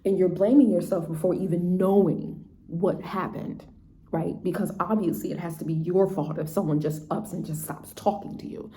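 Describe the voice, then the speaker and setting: A woman's voice: fairly low pitch, steady tone, moderate pace, mellow. A woman teacher telling a classroom story in a chatty, casual way, often checking in with "right?" and "you know". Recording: roomy echo, faint background noise.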